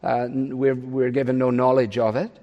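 Man preaching, mid pitch, big swings from loud to quiet, long hall echo. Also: flat delivery, moderate pace, muffled recording. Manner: emphatic, swinging between loud rises and soft drops. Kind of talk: expository sermon.

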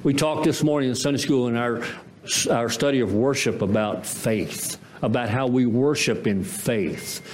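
A man's voice: mid-range voice, a little hiss or hum. A man preaching a sermon as pastor, emphatic and full of rhetorical questions and repeated phrases.

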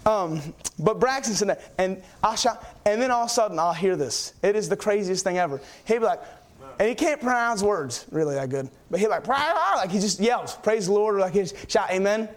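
A young male preacher with a notably high voice delivers a sermon in a church. He tells his stories in an excitable, rambling way, full of fillers and restarts. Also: a little fast.

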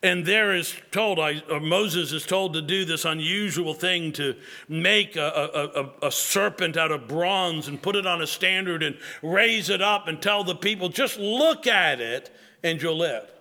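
A male pastor preaching with a fervent, emphatic delivery. His voice is sharp and forceful, sitting a little higher than most men's. He often doubles words as he drives a point home. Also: unhurried. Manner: emphatic, repeats words when building a point. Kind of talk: sermon.

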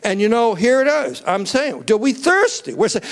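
Male preacher, high-pitched, animated sermon delivery that rises to near-shouts and calls on the congregation. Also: moderate pace, gravelly, hardly any pauses. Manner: asks the crowd to raise hands.

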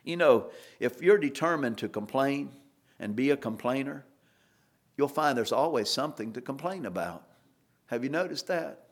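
A man preaching an expository sermon, earnest, with rising emphasis on key points and occasional restarts. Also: mid-range voice.

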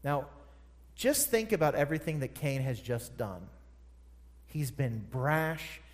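A man's voice: mid-range voice, expressive, takes it slowly. A man preaching a sermon, emphatic and repeating phrases for stress. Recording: long hall reverb.

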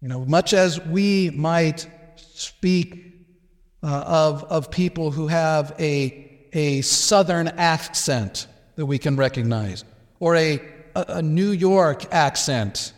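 A man with a slightly raised pitch delivers an expository sermon, explaining verse by verse with restarts and small asides. His voice rings out in a church sanctuary, trailing a long hall reverb. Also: takes it slowly. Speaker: pastor.

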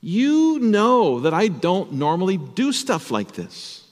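A man voicing a bewildered male talking donkey that pleads with his rider in a high voice. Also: wildly swooping pitch, takes it slowly, long reverb tail, heavily acted. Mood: pleading.

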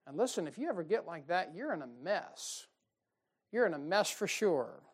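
A man preaching a folksy, emphatic sermon, with sudden loud bursts and mocking quotes. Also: high voice, very animated, moderate pace, husky. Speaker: pastor. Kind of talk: fiery sermon.

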